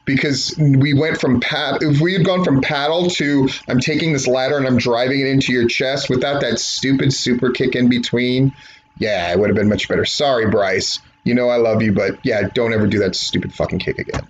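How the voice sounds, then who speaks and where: A man's voice: mid-range voice, fairly even intonation, brisk, lo-fi sound. Opinionated male reviewer, mid-range voice, profane and cocky, light noise underneath. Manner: blunt, profane and opinionated, mocking impressions. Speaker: wrestling match reviewer and trainer. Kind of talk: profane rant-style review commentary.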